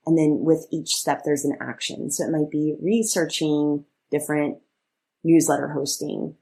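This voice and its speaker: A woman's voice: sits low, flat delivery, normal speed, creaky, warm tone, breathy edge. A woman co-hosting a podcast in casual chat, chatty with many fillers and frequent laughs. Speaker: podcast co-host.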